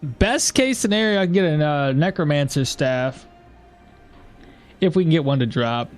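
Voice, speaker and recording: A man giving casual let's-play commentary, chatty and jokey, thinking out loud as he plays. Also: on the high side, animated, normal speed, faint music behind. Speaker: gameplay commentator.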